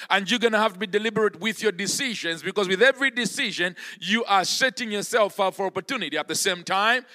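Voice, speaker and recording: A man's voice: sits high, sharp tone. A male pastor preaching a church sermon, emphatic and driving his points home by repeating key words. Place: church service.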